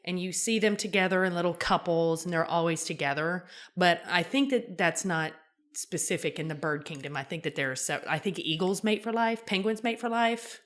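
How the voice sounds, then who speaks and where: A woman co-hosting a podcast in casual chat, telling things in a playful, animated way. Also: fairly low pitch, moderate pace. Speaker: podcast co-host.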